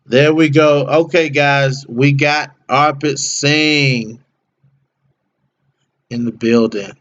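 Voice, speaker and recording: Slow-talking man hosting a casual livestream. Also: mid-range voice, steady tone, a bit bright, muffled recording. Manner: slangy, talks to chat viewers by name. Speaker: livestream host.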